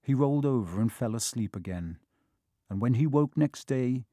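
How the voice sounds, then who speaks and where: A man narrating a children's fantasy novel in a steady, expressive audiobook reading. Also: medium pitch, normal speed, no echo, clean studio sound.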